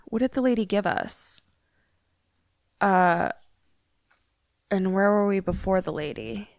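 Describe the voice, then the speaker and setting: Woman co-host firing back quick quips. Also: medium pitch, dry recording, studio quality. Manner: reactive listener, quick quips and groans. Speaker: podcast co-host. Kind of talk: casual chat.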